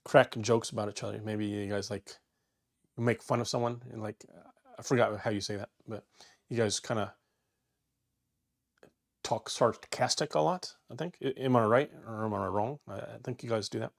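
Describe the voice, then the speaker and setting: A man in his forties hosting a casual travel livestream alone, reading viewer comments aloud and answering them in a rambling, halting way, full of fillers and restarts. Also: fairly low pitch, vocal fry. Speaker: travel YouTuber and livestream host.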